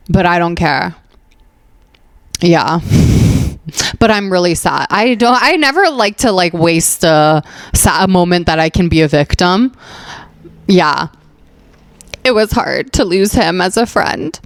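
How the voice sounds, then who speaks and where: A woman's voice: on the low side, no room sound, studio quality. A woman comedian hosting her podcast and telling a rambling, profane comic story, filling her talk with "like" and acting out other people's lines. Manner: profane, rambling, heavy on "like" fillers; acts out other people's lines in animated voices. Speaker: podcast host and stand-up comedian.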